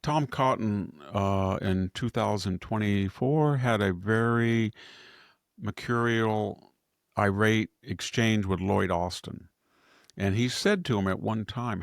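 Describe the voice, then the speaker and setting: A man's voice: fairly low pitch, measured pace, gravelly, no room sound, studio quality. A man hosting an opinionated political commentary, digressing freely and chuckling as he editorializes. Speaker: host and commentator.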